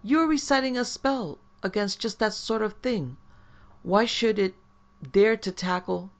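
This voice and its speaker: A woman voicing a frightened, thin man haunted by a ghost, talking in excitable bursts in an audiobook reading. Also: low voice, moderate pace. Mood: agitated. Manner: jittery, excitable, voice rising.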